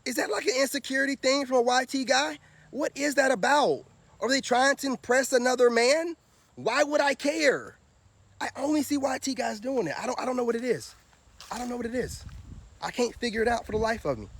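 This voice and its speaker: High-voiced man preaching on a livestream. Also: fast talker, a bit bright, dry recording. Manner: preachy, full of rhetorical questions. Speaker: spiritual vlogger and tarot reader. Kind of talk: livestream monologue.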